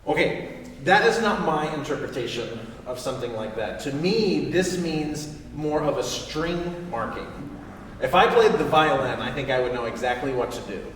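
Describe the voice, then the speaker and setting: A man's voice: on the high side, expressive, normal speed, fairly bright tone. A man teaching a saxophone master class. He quizzes the student in an encouraging way and sings articulation syllables to demonstrate them. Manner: encouraging, asks the student questions. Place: recital hall with audience. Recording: distant, echoey hall recording, faint noise.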